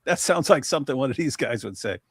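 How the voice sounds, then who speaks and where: Animated, blunt man. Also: mid-range voice, quick pace, slightly rough, dry recording, studio quality. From United States. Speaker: host. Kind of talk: casual live-stream commentary.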